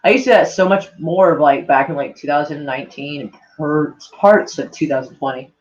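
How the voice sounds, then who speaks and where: A man with a noticeably high voice chats loosely on a live stream, looping through "like" and casual swearing. A mild speech impediment colours his words. The audio is dull and lo-fi, like a cheap home setup. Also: a little fast. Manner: loose and meandering, heavy on "like", swears freely. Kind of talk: casual rambling stream chat.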